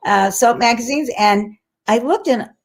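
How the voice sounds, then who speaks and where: A woman's voice: on the high side, a little slow. An older actress, a woman being interviewed, telling stories animatedly, with many restarts and quoted voices acted out. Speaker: actress guest. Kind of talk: casual interview storytelling.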